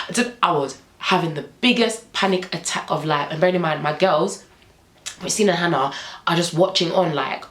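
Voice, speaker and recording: Animated young woman telling a story. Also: lowish voice, brisk, roomy sound, a little hiss or hum, low-quality recording. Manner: animated, acts out dialogue. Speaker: vlogger.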